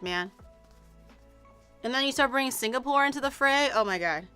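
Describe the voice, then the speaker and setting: A young woman from Canada, chatting casually on a stream while tasting snacks, excitable and swearing lightly. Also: a little high, moderate pace, long pauses, smooth, soft background music.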